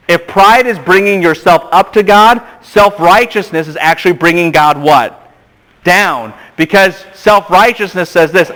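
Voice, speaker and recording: A man giving a classroom lecture, lively and emphatic, often quizzing his students and acting out quoted voices. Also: a little high, low-quality recording. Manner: animated, asks the class questions and acts out voices. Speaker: seminary lecturer.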